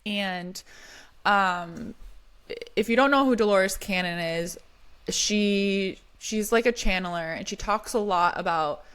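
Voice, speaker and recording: A woman's voice: medium pitch, takes it slowly, fairly bright tone, smooth. A woman co-hosting a podcast in casual chat, telling stories with lots of "like" and frequent giggles. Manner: giggly, storytelling with many "like"s. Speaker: podcast co-host.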